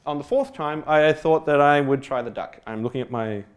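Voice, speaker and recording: Fairly high in pitch and moderate in pace, this Australian man's voice carries a comic story from his own life in a talk on stage. He keeps restarting and using fillers, rambles, mocks himself and swears casually.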